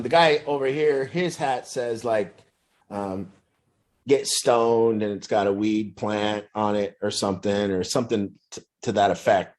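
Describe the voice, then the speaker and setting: A man telling a long personal story in a casual, rambling way, with many fillers and restarts, putting on a higher voice for quoted lines. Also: a little mellow. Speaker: group speaker telling a story.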